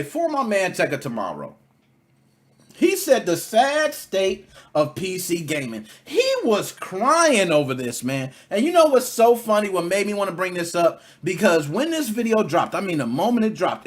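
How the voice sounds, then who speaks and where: Animated ranting male podcast host. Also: sits high, breathy edge. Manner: animated, ranting, swears freely, swings from loud to muttering. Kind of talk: solo gaming podcast rant.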